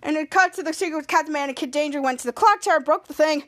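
A woman's voice: sits high, rapid-fire, a bit bright. A woman podcast host casually recapping an episode scene by scene, with lots of "cut to" and "he's like.". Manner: rambling scene-by-scene retelling full of "cut to" and "he's like".

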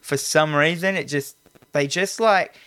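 A man's voice: fairly high pitch, clear, resonant tone, no echo. A man, co-hosting a casual film review chat, swearing freely and laughing easily. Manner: swearing, animated, quick laughs. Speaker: podcast co-host.

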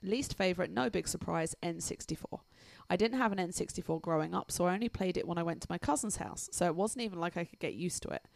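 English woman, podcast co-host, giggly, gravelly edge, dry mic. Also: on the low side, quick pace, hardly any pauses, a little mellow, no room sound. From England. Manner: giggly, laughs often between lines. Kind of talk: casual chat, reading a listener email aloud.

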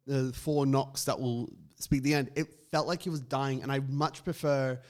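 A man's voice: mid-range voice, fairly even intonation, normal speed. A man co-hosting a casual fan podcast, opinionated and full of ums and restarts. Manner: opinionated, hesitant with many fillers. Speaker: podcast co-host.

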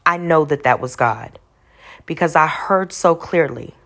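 A woman's voice: low-pitched, measured pace, a bit bright. A woman from Texas telling a personal faith testimony in an earnest storytelling way, retracing details aloud as she goes. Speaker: speaker sharing a testimony.

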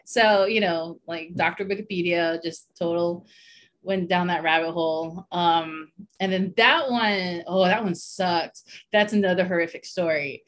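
A woman's voice: fairly low pitch, animated, moderate pace, fairly bright tone. A woman chatting casually on a podcast, telling a personal story with lots of fillers and frequent laughter.

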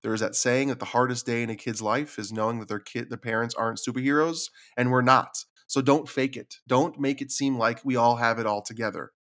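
A man's voice: mid-range voice, fairly even intonation, fairly quick, few pauses, fairly bright tone. A man hosting his own podcast, talking earnestly and confidingly about his struggles, sometimes repeating words when moved. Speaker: podcast host. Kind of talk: reflective solo podcast talk.

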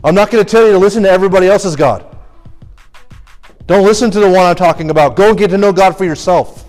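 A young man with a high voice preaches a sermon to a youth crowd. He pushes hard with question after question, urgent and exhorting. Faint music plays behind him. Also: fast, a little mellow.

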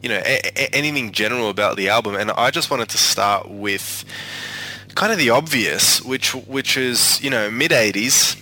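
A man's voice: mid-range voice, moderate pace, pushed and bright, rough recording. A man hosting a music podcast, talking casually with many fillers and restarts. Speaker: podcast host.

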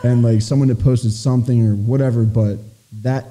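A man's voice: medium pitch, steady tone, normal speed, warm tone. A young adult man telling a story as a guest, rambling with constant fillers and swearing. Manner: rambling, heavy filler "like", profane. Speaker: guest performer. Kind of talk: casual storytelling chat.

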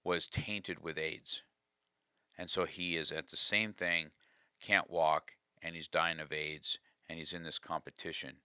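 A man's voice: low-pitched, bright, forceful tone, clean tone, no echo, studio quality. A man telling a personal story with a life lesson, earnest and confessional, often restarting his sentences.

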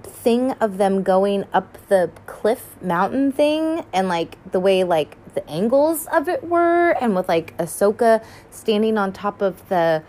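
A young woman at a middle pitch talks through her reactions to an animated film in a loose, rambling way. She piles on fillers and swears freely. She sounds a little tired. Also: slow, hardly any pauses. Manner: chatty and rambling, swears often, lots of fillers. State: tired and yawning. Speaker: first-time viewer reacting to an animated film. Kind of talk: casual rambling reaction commentary.

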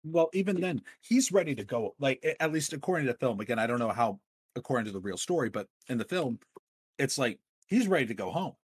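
A man's voice: mid-range voice, very animated, fast talker, husky. A man co-hosting a casual film discussion, talking with enthusiasm and rambling through many fillers. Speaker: podcast co-host.

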